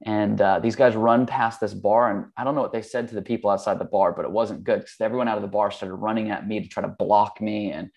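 A man in his forties speaking as an interview guest, his voice low-set and gravelly with a rough fry on the ends of phrases. He tells stories in an easygoing, rambling way, filling his pauses with ums and likes and often restarting a phrase. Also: lo-fi sound. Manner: relaxed, rambling, with many fillers and restarts. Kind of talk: casual storytelling.

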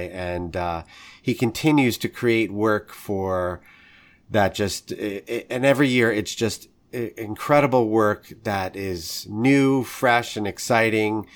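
American guy hosting, kinda low voice, friendly, laughs a lot. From United States. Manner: friendly, laughs often, restarts. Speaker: podcast host. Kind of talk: casual chat.

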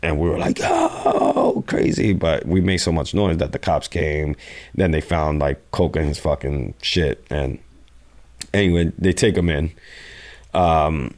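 A man's voice: a bass voice, unhurried, a little mellow. A man telling a rambling, profane story in a casual interview. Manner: profane, rambling, acts out quotes. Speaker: guest.

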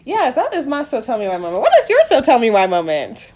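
A woman co-hosting a podcast in casual chat, telling stories animatedly and acting out quotes in a high voice. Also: huge pitch swings, fast, darkish tone. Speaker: podcast co-host.

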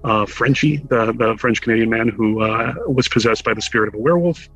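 A man with a slightly husky, mid-pitched voice, telling a long personal anecdote in a casual interview. He talks animatedly, acting out quoted lines with wry humor. Faint music plays in the background. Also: brisk, fairly bright tone, poor audio. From Connecticut, USA. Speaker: interview guest.

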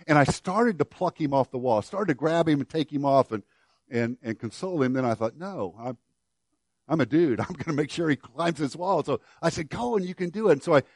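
A man's voice: mid-range voice, no room sound, clean studio sound. Folksy older male pastor preaching. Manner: folksy storytelling with many restarts. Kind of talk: sermon.

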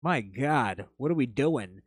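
A man's voice: mid-range voice, expressive, takes it slowly, breathy edge, no room sound, studio quality. A man hosting a podcast, reading chat comments and telling rambling stories in a blunt, profane, casual way. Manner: blunt, swears freely, rambling anecdotes.

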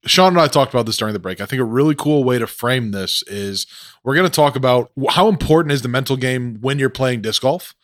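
A man's voice: medium pitch, fast talker, dry recording, clean studio sound. Laid-back male podcast host. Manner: relaxed, chatty, many fillers. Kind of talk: casual podcast chat.

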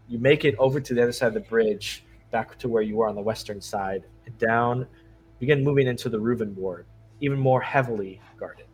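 A man narrating as game master, describing scenes in a relaxed way with frequent pauses and fillers. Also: medium pitch, husky, rough recording.

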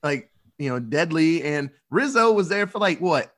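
A man with a slightly higher voice hosts a casual film chat. He rambles and fills his sentences with "like", and swears offhandedly. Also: lively intonation, moderate pace, fairly bright tone. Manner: rambling, swears freely, lots of "like". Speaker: podcast host. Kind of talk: casual movie review chat.

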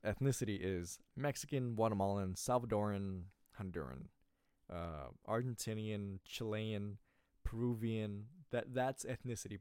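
A man's voice: on the low side, a little mellow, no echo, clean studio sound. A man from California hosting a small solo podcast, rambling and correcting himself, with slightly slurred, lazy speech. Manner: rambling, self-correcting, slurs words. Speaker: podcast host. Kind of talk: casual solo podcast monologue.

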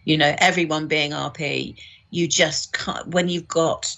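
A woman's voice: deep voice, fairly even intonation, unhurried, gravelly, a bit bright. A woman, an audiobook director, explaining her work in a casual discussion with frequent restarts. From United Kingdom.

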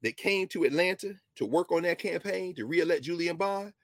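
A man giving an impassioned history lecture, moving between quiet asides and loud emphatic bursts. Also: high voice, normal speed, no room sound.

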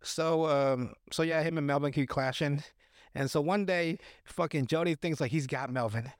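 A man with a slightly high voice rambles through a movie recap on his podcast, cursing freely and cracking himself up. His voice sits close and dry, with no room sound. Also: normal speed, no echo. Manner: profane, laughs often, loose rambling storytelling. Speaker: podcast host. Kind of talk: casual movie recap chat.

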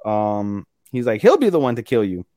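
A man co-hosting a podcast, casually recapping episodes in an animated way, acting out characters' lines and swearing freely. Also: on the low side, normal speed, no room sound, studio quality. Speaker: podcast co-host.

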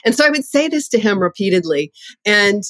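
Lively, animated middle-aged woman. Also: mid-range voice, brisk, dry recording. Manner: lively, animated storytelling with laughs. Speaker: parenting class teacher, guest. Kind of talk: conversational interview.

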